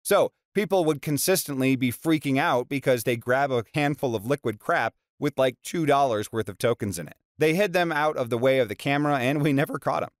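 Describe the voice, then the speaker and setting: A man's voice: medium pitch, fairly quick, few pauses, dry recording, studio quality. A man reading out internet stories as a channel narrator, with wry asides between tales. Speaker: story narrator.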